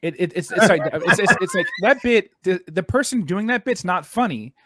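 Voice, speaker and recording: Man, co-host, blunt profane ranting, slightly high voice, dry close sound. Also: animated, moderate pace, fairly bright tone, dry recording. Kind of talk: casual chat on a stream.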